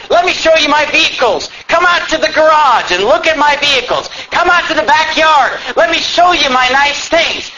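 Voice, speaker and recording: A man voicing a boastful man who shows off his wealth, loud and insistent. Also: very high-pitched, pitched above the performer's own voice, exaggerated voice. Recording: dull lo-fi with faint noise.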